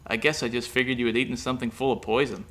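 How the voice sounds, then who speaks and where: A man's voice: mid-range voice, fairly even intonation, racing, a bit bright, close to an everyday voice. A man reading a story aloud, voicing a nonchalant young man who speaks in an offhand, shrugging way.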